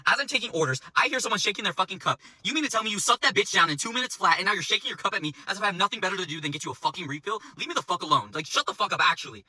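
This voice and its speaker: A man's voice: high voice, lively intonation, racing, hardly any pauses, pushed and bright, no room sound, rough recording. A man working as a restaurant server, telling a storytime in a profane, exasperated rant.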